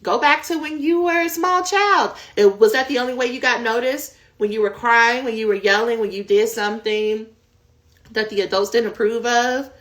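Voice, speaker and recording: Candid high-voiced woman coaching dissertation writers. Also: normal speed, a bit bright. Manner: candid, conversational, addresses viewers as y'all. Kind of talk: live Q&A coaching talk.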